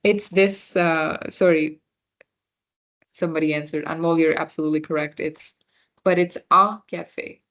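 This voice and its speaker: A woman's voice: sits low, steady tone, moderate pace, fairly bright tone. A woman running a casual online beginner class, chatting with students, answering their chat messages and correcting herself as she goes. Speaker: volunteer French workshop teacher.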